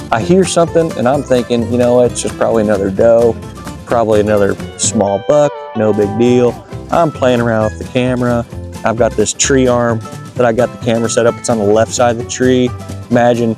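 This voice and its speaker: Folksy man telling hunt story. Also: mid-range voice. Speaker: hunting video host. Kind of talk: storytelling hunting recap. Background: guitar music.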